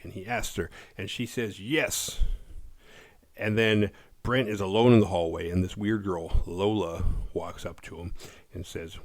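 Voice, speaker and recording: A man's voice: low-pitched, steady tone, measured pace. A man in his forties hosting a horror movie review show, recapping a film in a rambling, offhand way and swearing freely.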